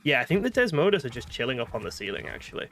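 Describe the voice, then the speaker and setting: A man's voice: mid-range voice, very animated, rapid-fire, a bit bright. Chatty northern British man playing a game. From northern Britain. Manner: chatty, thinks aloud, self-mocking. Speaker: gaming streamer. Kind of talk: casual gameplay commentary.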